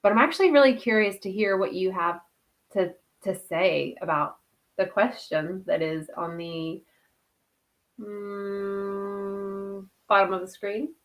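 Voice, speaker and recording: A woman hosting a casual livestream who greets viewers by name, laughs often and leads a soft guided breathing meditation. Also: mid-range voice, fairly even intonation, takes it slowly. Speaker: host.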